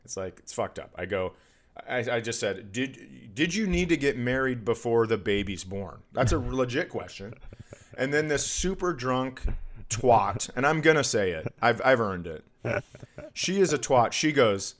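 Profane, animated male comedian storyteller. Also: medium pitch, normal speed. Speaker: comedian and podcast host. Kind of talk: casual storytelling chat.

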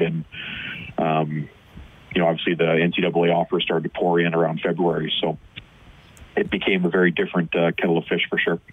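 A low-voiced man with a husky, breathy tone talks through a tinny phone line. He speaks as a football coach in an easygoing radio interview, filling his sentences with "um" and "you know.". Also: no room sound. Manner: conversational, many fillers and restarts. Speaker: high school football coach, guest.

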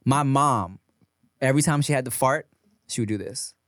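A man co-hosting a podcast, joking crudely in relaxed casual chat. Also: mid-range voice, normal speed, no echo, studio quality. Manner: laid-back, crude joking. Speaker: podcast co-host.

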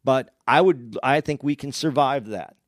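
A man's voice: medium pitch, a little slow, no echo, studio quality. A man arguing politics insistently, interrupting and repeating his points. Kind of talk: casual political debate.

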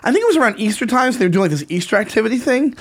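A man co-hosting a podcast, telling stories in a loose, animated way with frequent laughter. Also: extremely high pitch, very fast. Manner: animated storyteller, laughs and swears often. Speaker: podcast co-host. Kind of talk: casual chat.

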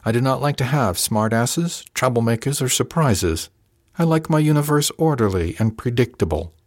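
A man's voice: medium pitch, animated, darkish tone, no room sound, studio quality, voice pushed up, close to an everyday voice. A man doing a stern, menacing starship captain. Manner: slow, measured, menacing emphasis.

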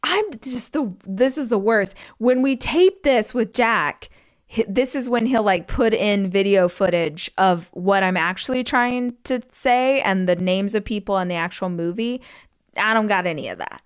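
A woman hosting a casual solo podcast, talking in a chatty, rambling way. Her voice is smooth and clear, and it sits at a middle pitch. She jumps between asides and restarts as she gushes. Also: a little slow. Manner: chatty and rambling, gushing about movies; frequent restarts and side comments. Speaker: podcast host.

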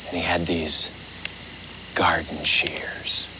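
A menacing campfire storyteller. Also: male voice, sits low, flat delivery, whispered, rough recording. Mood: ominous. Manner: slow, hushed, menacing storytelling. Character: grim adult male camp counselor telling a campfire horror tale. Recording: film clip with loud background hiss.

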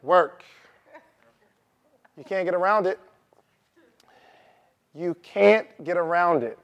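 A man's voice: sits high, slow, a bit bright, muffled recording. A man giving a motivational talk to a live audience, asking them questions and repeating his key points. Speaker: motivational speaker. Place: room with an audience.

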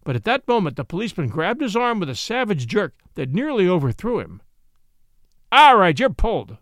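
A man reading a classic short story aloud as narrator, with an expressive, dramatic delivery. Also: high-pitched, brisk, no room sound, studio quality.

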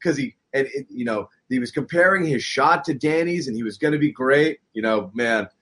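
A man's voice: mid-range voice, normal speed, husky. A man in his thirties co-hosting a casual sports podcast, telling stories with animation and acting out what people said. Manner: animated, storytelling, acts out quotes. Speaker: podcast co-host.

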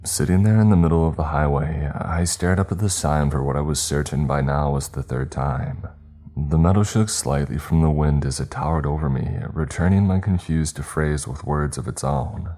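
A man narrating a scripted horror story in a measured, tense way. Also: extremely low pitch, mellow. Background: faint music.

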